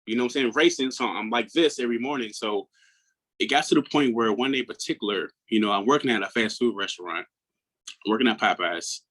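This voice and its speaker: A man in his thirties from Maryland, a guest on an interview who speaks earnestly and reflectively, often dropping into a hushed tone. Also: medium pitch, quick pace, low-quality recording. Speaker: guest, mental health coach. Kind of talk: personal storytelling in an interview.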